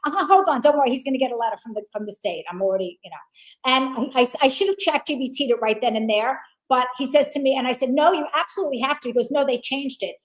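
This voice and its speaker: A woman guest in casual chat, loud and swearing, telling a story with acted quotes. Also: on the high side, fast talker, rough recording.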